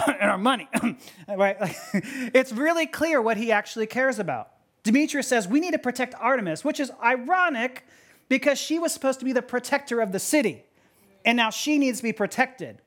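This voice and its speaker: A woman pastor preaching a sermon in an animated way. She laughs often, repeats words as she goes, and asks many rhetorical questions. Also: fairly high pitch, moderate pace.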